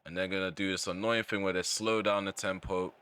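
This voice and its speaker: A man's voice: low voice, flat delivery, brisk, fairly bright tone, clear, resonant tone. Frustrated man ranting over gameplay. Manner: exasperated, ranting about the match. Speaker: gaming channel host. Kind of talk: live gameplay commentary.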